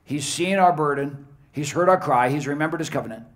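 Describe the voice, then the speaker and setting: Male pastor, slightly raised pitch, conversational Bible-teaching sermon, emphatic and repetitive. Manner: emphatic, slows down to stress key words; repeats and restarts phrases while explaining.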